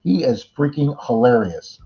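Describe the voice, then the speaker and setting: A man's voice: medium pitch, sing-song, a little slow, gravelly. A middle-aged man hosting a casual livestream chat, greeting viewers by name and rambling through jokey asides. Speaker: livestream host. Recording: dull lo-fi stream audio.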